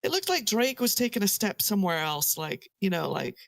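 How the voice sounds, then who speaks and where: A woman's voice: mid-range voice, sing-song, a little fast, creaky, no echo. Female podcast guest, mid-range voice, dry close sound, playful and chatty. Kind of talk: casual group chat.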